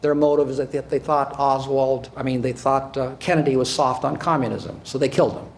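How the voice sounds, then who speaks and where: Speaking to an audience, a former prosecutor from the United States, now older, delivers a sarcastic and emphatic talk full of repeated and restarted words. He has a medium-pitched, gravelly voice with fairly even intonation and a slightly fast pace, and there's a bit of background noise.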